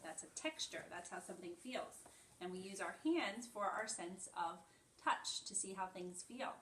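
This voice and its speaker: A woman preschool teacher reading a picture book aloud to young children in an animated storytelling voice. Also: medium pitch, moderate pace, a little hiss or hum. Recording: echoey room, voice from far off.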